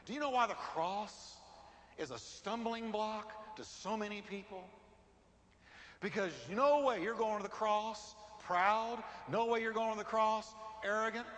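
A man's voice: sits high, unhurried. A man preaching a sermon, emphatic and repetitive, building his lines for stress. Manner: emphatic, repeats lines for stress, rising to shouts. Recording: reverberant hall with faint ambience.

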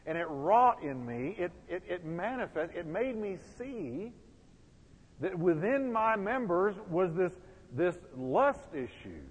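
Male pastor, sermon, husky voice, long church reverb, emphatic questions to the congregation. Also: high-pitched, very animated, slow, muffled recording. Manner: preaching with rising emphasis and audience questions.

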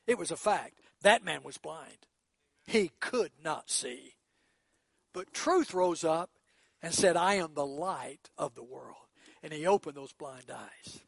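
A man preaching with a high, lively voice that leaps up and drops low as he acts out the voices he quotes. He speaks slowly and deliberately, moving between near whispers and shouts. The sound is dry and close. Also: creaky, no room sound. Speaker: pastor. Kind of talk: sermon.

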